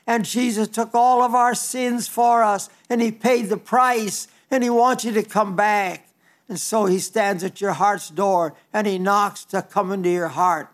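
An older man preaching a folksy sermon, telling homespun stories and often stumbling and restarting his words. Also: high voice.

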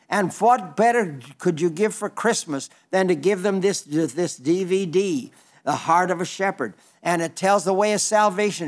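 A man with an Oklahoma accent preaching a broadcast sermon, earnest and emphatic, repeating key phrases and reading out listener letters. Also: high-pitched.

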